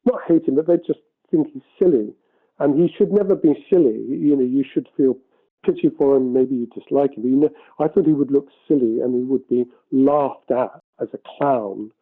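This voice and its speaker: A man's voice: medium pitch, normal speed. Man recalling on tinny archive audio. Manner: rambling, self-correcting, animated. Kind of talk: archival interview recollection.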